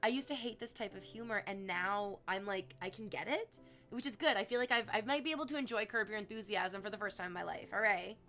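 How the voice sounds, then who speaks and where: A woman's voice: mid-range voice, fast, a bit bright. A woman livestreamer chatting casually to her viewers, rambling and gushing, at times cooing baby talk to her cat. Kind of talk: casual chat to stream chat. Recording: music playing clearly behind her.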